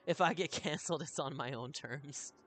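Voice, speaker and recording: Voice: medium pitch, normal speed, a bit bright. Chatty streamer narrating a game live. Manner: chatty, laughing asides to chat. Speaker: streamer and voice reader. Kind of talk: live-streamed game read-through with chat.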